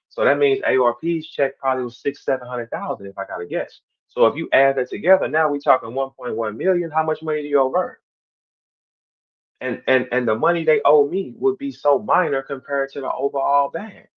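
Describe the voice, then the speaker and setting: A battle rapper addresses his stream audience in a heated, animated monologue, repeating himself and swinging between loud outbursts and quiet asides. His voice is mid-range, and the sound is lo-fi.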